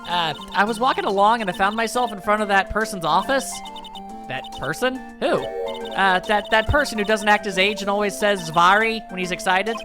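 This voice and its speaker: A woman's voice: medium pitch, normal speed, music in the background, lightly acted. A woman voicing a timid, polite nine-year-old girl in a fan voice-over of a game, hesitant and shy.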